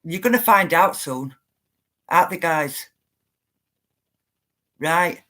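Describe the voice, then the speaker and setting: A woman's voice: lowish voice, expressive, slow pace, fairly bright tone. Woman, middle-aged, insistent vlogger talking straight to her viewers. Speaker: spiritual livestreamer. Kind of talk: emotional storytelling to viewers.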